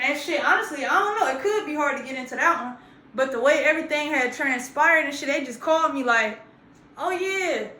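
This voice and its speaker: A woman around thirty, casually telling a story to camera in an animated, profane, slangy way. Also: high voice, slight background noise. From grew up in Georgia, US South. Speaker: vlogger. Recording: roomy echo.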